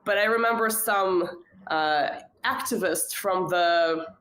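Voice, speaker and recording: A woman talks in a relaxed, conversational way, thinking aloud and hedging often. Her voice sits a little low. The room around her is noticeably echoey. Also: takes it slowly. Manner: thoughtful, hedging, frequent fillers. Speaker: podcast guest. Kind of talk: casual conversation.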